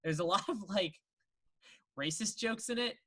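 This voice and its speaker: A man's voice: high voice, moderate pace, bright, forceful tone. A young man co-hosting a casual film podcast, rambling, swearing and acting out scenes in exaggerated voices. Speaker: podcast co-host.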